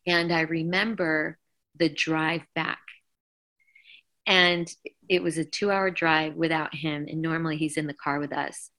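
A middle-aged woman with a low voice that still carries a bright, clear edge. She tells her story as an interview guest, animated and emotional, slipping into the voices of the people she quotes. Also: unhurried. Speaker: guest singer.

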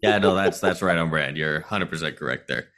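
A man's voice: deep voice, fairly quick, sharp tone. A man, a streamer guest on a podcast, chatting casually and explaining his views at length.

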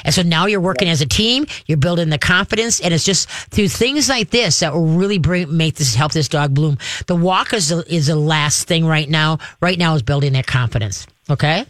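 A woman's voice: low-pitched, moderate pace, few pauses, dry recording. A woman hosts a call-in radio show about dog training, in a folksy, rambling manner. She often slips into little voices for the dogs she talks about. Her voice sits close and dry on a studio microphone. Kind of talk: casual call-in radio talk.

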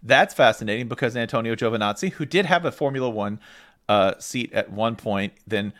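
A man's voice: mid-range voice, a little fast, a bit bright. A man co-hosting a podcast in casual chat, joking and rambling with frequent restarts. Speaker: podcast co-host.

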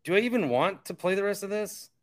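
A man's voice: high voice, animated, quick pace. A male sports radio host reacting to a caller, stammering and incredulous, with frequent repeated words.

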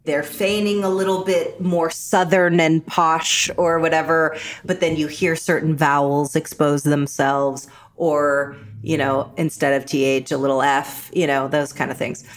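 A woman being interviewed on a podcast, talking in a lively, animated way. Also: low-pitched, unhurried, few pauses. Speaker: interview guest. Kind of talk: conversational interview.

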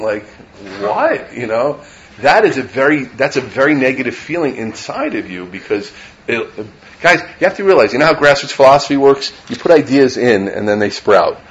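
A middle-aged rabbi's medium-pitched, creaky voice moves briskly with lively intonation as he teaches Torah informally to a live audience. Conversational in tone, he keeps checking "right?" and weaves Hebrew and Yiddish terms into his English. The lo-fi audio carries slight background noise.

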